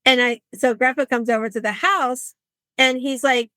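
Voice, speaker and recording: A woman in her sixties hosting a podcast, telling stories in an animated, conversational way and acting out the people she quotes. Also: high-pitched, moderate pace, no echo. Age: 60s. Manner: animated, acts out quoted voices. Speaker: podcast host. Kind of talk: conversational storytelling.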